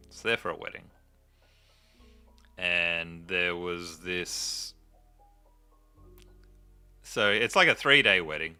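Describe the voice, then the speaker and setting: A man's voice: low voice, animated, slow, pauses often, bright, forceful tone, clean tone, faint music behind. A man chatting and joking casually while playing a game, rambling into stories as he goes. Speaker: gaming video host. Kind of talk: casual gameplay commentary.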